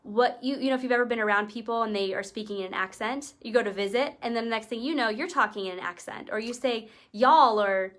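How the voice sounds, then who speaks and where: Young woman host, bubbly, laughs easily, slightly high voice, casual live chat. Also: fast, few pauses, fairly bright tone.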